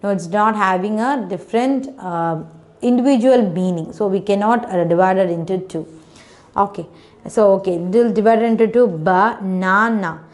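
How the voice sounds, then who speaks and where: This woman teacher speaks at normal speed with a medium-pitched voice. In her online phonics lessons for kids she patiently sounds out letters, words and syllables, repeating things and saying "okay" again and again.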